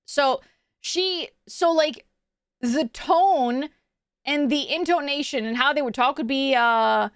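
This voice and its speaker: A young woman from Quebec, Canada, chatting casually on a live stream, animated and swearing, with many fillers. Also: high-pitched, slow pace, dry recording, studio quality.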